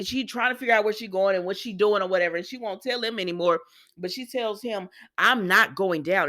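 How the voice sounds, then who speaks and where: Chatty woman recapping a soap. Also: medium pitch. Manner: lively storytelling with frequent asides and quoted dialogue. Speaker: soap opera recap vlogger.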